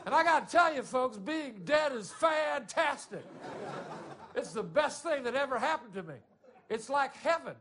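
An actor playing the boisterous ghost of an old male sportscaster in a comedy sketch, jovial and loud, with drawn-out greetings. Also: very high-pitched, animated, slight background noise, heavily acted. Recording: comedy sketch clip with faint studio crowd.

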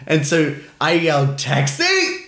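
A man's voice: medium pitch, expressive, moderate pace, a bit bright. A man with an Australian accent co-hosting a podcast in casual, playful chat, laughing easily. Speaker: podcast co-host. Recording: roomy echo.

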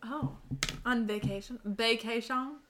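A woman's voice: fairly high pitch, unhurried, background noise. A woman co-hosting a podcast in casual chat, chatty and gushing. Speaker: podcast co-host.

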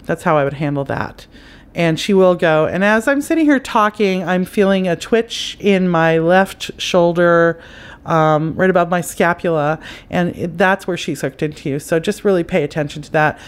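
A middle-aged woman with a slightly low voice talks through spiritual advice on her podcast. She chats loosely, repeats her words, and now and then calls the listener honey.

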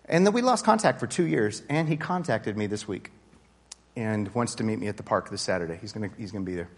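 A man's voice: on the low side, big pitch swings, fast talker, long reverb tail. A man leading a casual Bible study group, talking earnestly and conversationally, often restarting his sentences. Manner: earnest, conversational, with frequent restarts and rising intensity.

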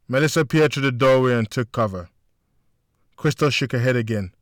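A man reading an action novel aloud in a steady, measured storytelling voice. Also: medium pitch, no room sound, clean studio sound. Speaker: audiobook narrator. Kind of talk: scripted narration.

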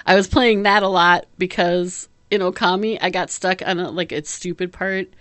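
A woman's voice: fairly low pitch, steady tone, moderate pace, fairly bright tone, no room sound. A woman chatting casually as a podcast co-host, rambling with lots of fillers and frequent laughs. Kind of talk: casual chat.

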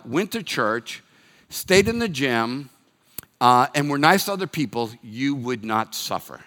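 A man in his sixties, a pastor from Massachusetts, preaching in a candid, self-deprecating, conversational way that swings between emphatic and quiet. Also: a little high. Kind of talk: conversational sermon. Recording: long reverb of a hall.

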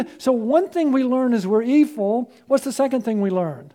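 A man preaches a sermon in a strikingly high voice with a soft, mellow tone. He pushes up hard when he urges his listeners. He keeps tossing questions to the congregation for them to answer back. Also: expressive, normal speed. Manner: emphatic, rising sharply when quoting and urging; asks the congregation call-and-response questions. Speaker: pastor.

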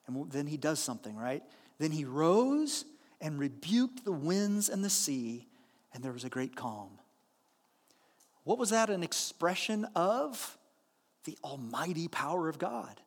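High-voiced man preaching in a hall. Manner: earnest, animated storytelling with slow emphatic lines. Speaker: pastor. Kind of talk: sermon.

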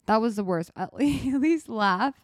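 A woman's voice: fairly high pitch, expressive, moderate pace, no room sound, clean studio sound. A young woman in her twenties hosting a podcast, telling stories in a rambling, self-interrupting casual chat. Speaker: podcast host.

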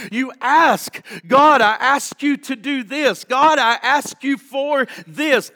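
A man preaching a sermon as pastor, moving between impassioned calls and hushed prayer. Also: extremely high pitch. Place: church sanctuary.

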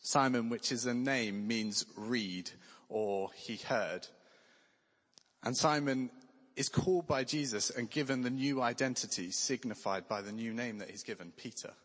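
A man's voice: mid-range voice, unhurried, fairly bright tone. A man preaching a sermon in an earnest, conversational way with touches of light humor. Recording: long hall reverb.

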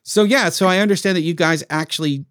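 A man's voice: high voice, fast talker, no echo. A man with a Brooklyn accent hosting a podcast from a studio, chatty and joking. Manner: lively, joking, conversational. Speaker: podcast host. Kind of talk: podcast interview chat.

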